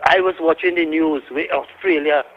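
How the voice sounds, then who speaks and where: A man's voice: fairly high pitch, fairly even intonation, moderate pace. A man with a Trinidadian accent calling in to a radio show, ranting indignantly. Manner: heated, indignant. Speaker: caller. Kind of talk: call-in radio rant. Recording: muffled phone line.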